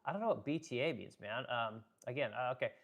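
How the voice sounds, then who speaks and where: A man's voice: medium pitch, lively intonation, fast, vocal fry. A man in a blunt, profane, unscripted commentary rant, reading out viewer comments as he goes. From American Midwest. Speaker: political commentary streamer.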